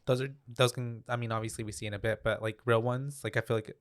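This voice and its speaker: A man with a smooth, resonant voice of middling pitch, co-hosting a casual podcast. He rambles through a horror film recap, full of fillers and restarts. The sound is dry and close. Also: level tone, quick pace, no room sound. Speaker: podcast co-host.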